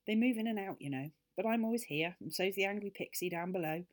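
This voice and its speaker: A woman voicing a gentle, friendly female fairy who chats about her neighbours in a storybook. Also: mid-range voice, animated, quick pace, close to an everyday voice. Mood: friendly, chatty.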